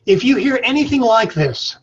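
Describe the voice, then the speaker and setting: A man's voice: very high voice, big pitch swings, moderate pace, husky, dull audio. An older man from Colorado giving a webinar lesson on farm stress, talking in a folksy storytelling manner. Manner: folksy, storytelling, says y'all. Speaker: extension speaker on farm mental health. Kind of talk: webinar presentation. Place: his office.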